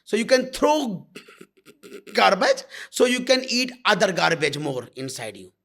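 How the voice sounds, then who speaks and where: High-pitched gravelly spiritual teacher. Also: male voice, expressive, unhurried, fairly bright tone. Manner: blunt and intimate, calling listeners "my love". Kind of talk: satsang talk.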